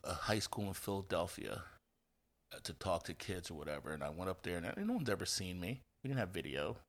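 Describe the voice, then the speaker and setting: A man's voice: low voice, fairly quick. A man from Indiana, a football coach, telling stories in a casual interview with lots of fillers, restarts and acted-out quotes. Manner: animated storyteller, acts out quoted voices, many fillers and restarts.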